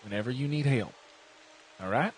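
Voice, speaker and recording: A man voicing a kindly uncle who calmly reassures his niece. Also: medium pitch, normal speed, slight background noise, natural voice, low-quality recording. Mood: reassuring. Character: kindly protective uncle, family elder.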